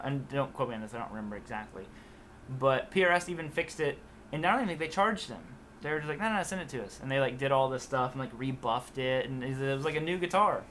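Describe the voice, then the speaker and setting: A man's voice: mid-range voice, a little hiss or hum. A young man hosting a live guitar stream, rambling casually and reading viewer comments aloud. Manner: rambling, relaxed, reads chat comments aloud. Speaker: guitar channel host.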